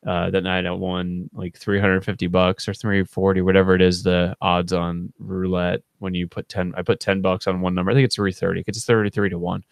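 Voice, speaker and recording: A man's voice: sits low, flat delivery, fairly quick, gravelly, hardly any pauses, no room sound, studio quality. A man co-hosting a vlog, telling a long story in a laid-back, rambling way with lots of fillers. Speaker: channel co-host.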